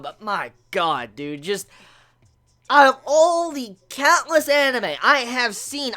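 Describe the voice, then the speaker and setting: Excitable woman anime reviewer, casual and profane, frequent laughter. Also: a little high. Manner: excitable, swears a lot, laughs often.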